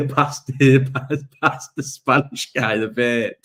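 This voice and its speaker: A man's voice: medium pitch, steady tone, slow pace, fairly bright tone. A young man hosting a casual live-stream chat, rambling through stories with lots of swearing and frequent laughter.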